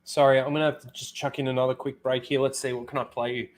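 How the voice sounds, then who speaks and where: A man's voice: medium pitch, little pitch movement, fast talker. A man hosting a casual livestream, rambling bluntly with casual swearing. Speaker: livestream host.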